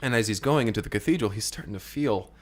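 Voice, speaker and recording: A man's voice: on the low side, lively intonation, quick pace. Man improvising a rambling comic story. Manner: rambling, repeats words, laughs often. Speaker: improv performer and narrator.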